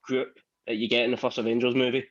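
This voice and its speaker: A man in casual podcast chat, speaking in a flat, even tone. His recording is dry and slightly muffled. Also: medium pitch, quick pace, no room sound. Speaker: podcast co-host.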